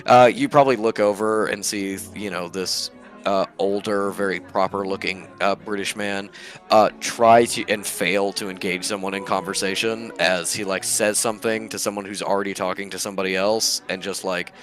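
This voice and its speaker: Man, game master, rambling narration, lots of fillers, fairly low voice. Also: fairly even intonation, normal speed, soft background music. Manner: many fillers, rambling, laughs often.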